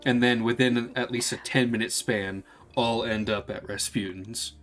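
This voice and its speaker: A man running a tabletop game as game master, describing scenes in a relaxed way. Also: mid-range voice, normal speed, faint music behind. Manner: relaxed, descriptive, acts out characters.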